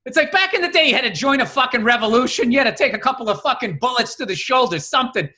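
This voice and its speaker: A man with a very high, bright voice rants at his co-hosts, swearing freely and picking fights for laughs. He talks in loose, casual podcast banter. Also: expressive, very fast. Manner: profane, combative ranting. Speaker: podcast co-host.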